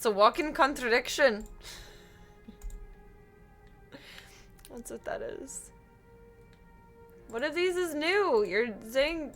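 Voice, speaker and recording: A woman's voice: sits high, a bit bright. A young woman live-streaming, chatting casually with a giggly, rambling, self-deprecating manner.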